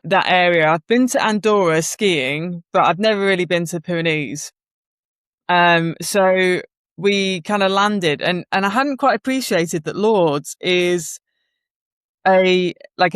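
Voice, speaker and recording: An easygoing woman co-hosting a podcast, telling a story as it comes to her and wondering aloud along the way. Her voice is smooth and clean, and it is recorded close and dry. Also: on the low side, no echo. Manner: easygoing storyteller, curious, thinks aloud with fillers. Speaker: podcast co-host. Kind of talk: casual chat.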